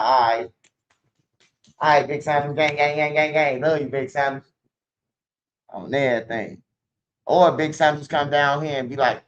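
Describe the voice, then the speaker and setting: A man's voice: mid-range voice, fairly even intonation, unhurried, pauses often, fairly bright tone, slight background noise. A man talking casually to the camera in a rambling, profane street manner, recorded with dull lo-fi sound.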